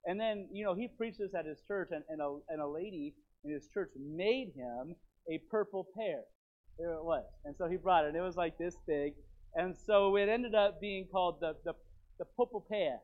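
High-pitched pastor guy preaching, rambly, sounds like over a phone line. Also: moderate pace. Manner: rambling, repeats himself, animated. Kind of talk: sermon. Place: church.

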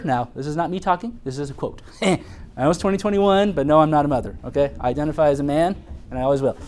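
An earnest male preacher talks through a sermon in a loose, conversational way, restarting phrases and laughing lightly. His voice sits a little high for a man. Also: quick pace, a little mellow. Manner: shifts into high mock voices quoting mothers. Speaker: pastor. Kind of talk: sermon on parenting.

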